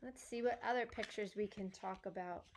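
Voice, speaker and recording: A young woman speech-language pathologist reading a picture book to children, asking questions and praising answers slowly and encouragingly. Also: medium pitch, darkish tone, a little hiss or hum.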